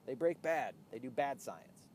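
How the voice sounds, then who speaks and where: A man's voice: medium pitch, animated, a little slow, darkish tone. A man hosting his own show, ranting bluntly and profanely in casual talk while he drives a car. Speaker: podcast host. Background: faint vehicle noise.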